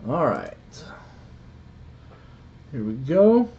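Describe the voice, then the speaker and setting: A man's voice: medium pitch, very slow, vocal fry. A man with a Southern accent hosting a live stream, casually joking with viewers as he opens card packs. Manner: relaxed, joking, chatty. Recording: dull lo-fi stream audio.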